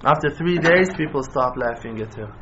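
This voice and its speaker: A man giving a sermon in full of terms, telling stories in a low voice and then rising into loud, passionate exhortation. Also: expressive, normal speed. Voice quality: non-native English with Hebrew terms. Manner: impassioned, swings from hushed storytelling to loud rising exhortation. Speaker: rabbi. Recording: dull lo-fi recording with faint noise.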